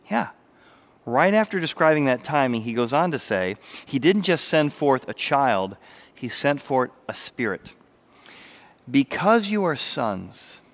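A man preaching a sermon, animated, sometimes dropping to a soft, intimate voice. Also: a little high. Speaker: pastor.

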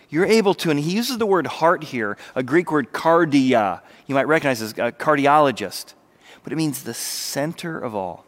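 A man preaching a sermon, animated, sometimes dropping to a soft, intimate voice. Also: a little high, moderate pace. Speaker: pastor.

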